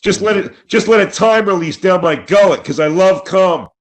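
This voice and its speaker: A man mimicking a brash woman who loudly proclaims what she loves. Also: sits high, normal speed, pitched above the performer's own voice, natural voice.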